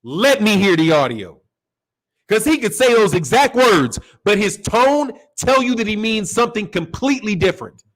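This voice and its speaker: A man hosting a boxing channel, giving animated, profane opinion commentary and acting out quoted voices. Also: high-pitched, moderate pace, low-quality recording. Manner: animated, acts out quoted voices, curses freely.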